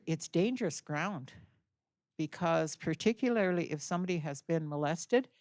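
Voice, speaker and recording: Older lady telling a story to an auditorium, lowish voice, earnest, acts out the lines. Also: darkish tone, no room sound, clean studio sound. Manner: earnest, vivid storyteller acting out dialogue. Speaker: guest speaker. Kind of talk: storytelling talk to an audience. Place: college auditorium.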